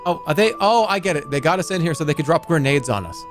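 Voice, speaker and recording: Man, streamer, playful jokey gameplay chatter, a bit high-pitched, faint music underneath, desk mic. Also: animated, quick pace. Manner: playful, jokey, reacts out loud, swears. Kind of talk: casual live-stream gameplay commentary.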